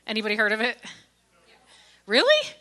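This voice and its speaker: A woman's voice: fairly high pitch, huge pitch swings, normal speed, pushed and bright. A middle-aged woman from Indiana gives a keynote speech at a fundraising gala in a church hall, speaking into a handheld mic in a folksy, joking way and talking straight to the crowd. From Indiana, USA. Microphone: handheld microphone.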